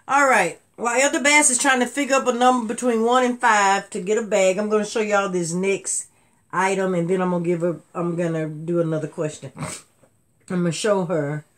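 A middle-aged woman, chatting to viewers on a live jewelry sale, laughing often and jumping from low murmurs to excited high bursts. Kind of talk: live selling stream, casual chat to viewers.

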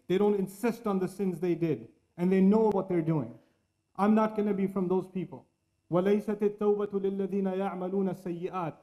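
A man delivers an earnest sermon in an easy, conversational way. His voice sits high for a man, and he now and then recites Arabic verses. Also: fairly even intonation, racing, mellow. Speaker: Islamic preacher.

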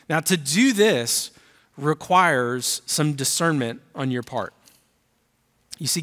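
A man's voice: a little high, sharp tone. A man preaching a sermon as pastor, reading scripture aloud and building emphasis on key lines. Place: church auditorium. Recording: church hall reverb.

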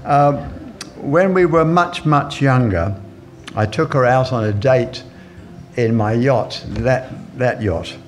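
Slow-speaking man preaching a sermon. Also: mid-range voice, slight background noise. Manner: warm anecdotal, chuckling asides, fillers. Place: church.

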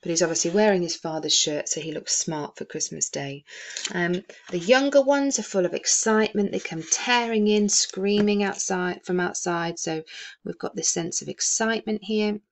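A woman's voice: lowish voice, normal speed. A woman teacher explaining a novel in a recorded lesson, with many "um" fillers. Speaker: English teacher.

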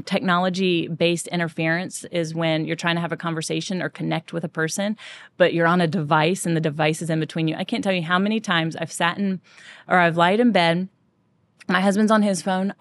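A woman hosting a faith podcast, talking earnestly and conversationally in a monologue. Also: lowish voice. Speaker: podcast host.

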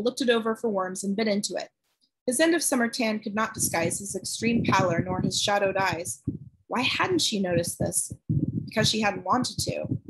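Breathy woman reading a novel. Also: mid-range voice, a bit bright, poor audio. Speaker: audiobook narrator.

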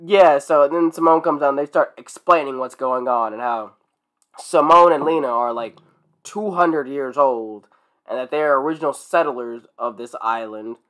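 A man's voice: medium pitch, normal speed, a bit bright. A man co-hosting a podcast, recapping a cartoon film in a rambling, casual way and laughing often. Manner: rambling, laughs often, trails off mid-sentence. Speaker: podcast co-host.

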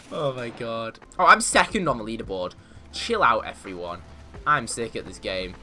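Excitable guy commentating his game, super bright voice, bounces all over the place, jokey bragging. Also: medium pitch, measured pace. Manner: excitable, mock-boastful, yelps and laughs in panic. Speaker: gamer commentating his own play. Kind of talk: casual gameplay commentary.

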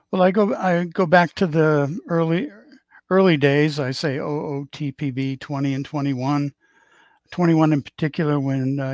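A man's voice: mid-range voice, no echo. A man in his seventies with a Boston accent, chatting as a stream guest and telling rambling, joking stories. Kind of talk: casual chat on a stream.

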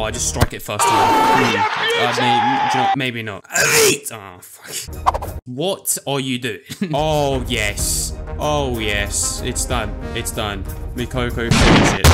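A young gaming YouTuber commentates his own football video game matches in a medium-pitched voice, with music in the background. He swears often and reacts by swinging from flat mutters to excited yelps and pleading.

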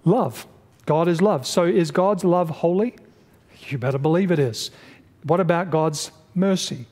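A man's voice: fairly high pitch, unhurried, a little mellow, long reverb tail. A male pastor teaching a Bible study lesson in a church, speaking emphatically and asking his class questions.

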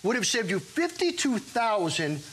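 Middle-aged man, shopping-channel pitch, lively swooping voice, faint noise behind. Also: normal speed, poor audio. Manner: animated, talks with mouth full, jokey. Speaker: guest brand founder. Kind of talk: home shopping sales pitch.

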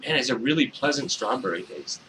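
A man's voice: medium pitch, sing-song, brisk, pushed and bright, low-quality recording. An American man co-hosting a casual review show, laid-back and repeating himself, with some swearing. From United States. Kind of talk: casual chat. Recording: faint background noise.

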